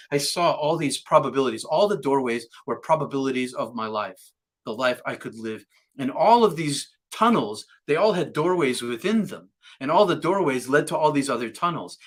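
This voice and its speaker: A man's voice: mid-range voice, a bit bright. Man telling a vivid personal story. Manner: vivid, repetitive retelling with restarts. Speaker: guest sharing a near-death experience.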